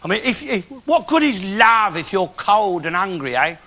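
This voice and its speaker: A man's voice: high voice, sing-song, normal speed, sharp tone, heavily acted. An actor playing a bigoted, grumpy old working-class London man, swearing and blustering through a comic monologue for a live audience. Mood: ranting. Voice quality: blustering, swears a lot, cockney speech. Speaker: comic character in a live stage show. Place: theatre stage before an audience. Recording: noisy live TV show with audience laughter.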